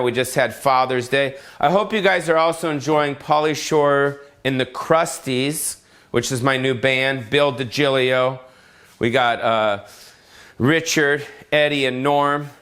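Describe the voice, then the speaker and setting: Here a middle-aged man, a comedian running his own show, rambles through a crude, brash solo rant at his home in Las Vegas. The voice is medium in pitch and a bit bright.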